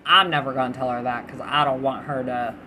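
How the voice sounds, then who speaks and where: A woman's voice: a bass voice, steady tone, a little fast, bright, forceful tone, slight background noise. A young adult woman hosting her own podcast, chatting candidly and swearing freely. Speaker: podcast host. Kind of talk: casual solo podcast chat.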